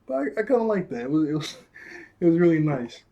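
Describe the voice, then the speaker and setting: A man's voice: a little high, big pitch swings, fast, warm tone, lo-fi sound. A man casually reviewing a cartoon episode, rambling and chuckling through a loose retelling full of fillers.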